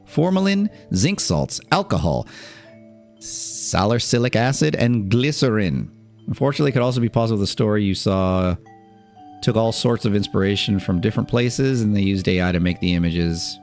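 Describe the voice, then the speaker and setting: A man's voice: on the low side, expressive, normal speed, a little mellow, soft background music. A man streamer reading an article aloud on a live stream, with casual asides and laughs in between.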